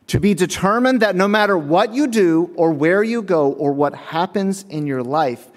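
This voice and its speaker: Man, preacher, lively swooping delivery, slightly high voice, sermon storytelling, long church reverb. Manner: animated storytelling, acts out voices, chuckles often. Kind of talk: sermon with humorous anecdotes. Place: church sanctuary.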